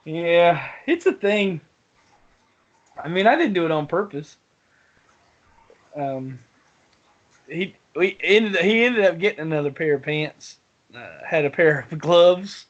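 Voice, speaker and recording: A man's voice: fairly high pitch, animated, takes it slowly, long pauses, highs cut off. A man telling a rambling gaming story on a casual podcast, laughing often. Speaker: podcast co-host.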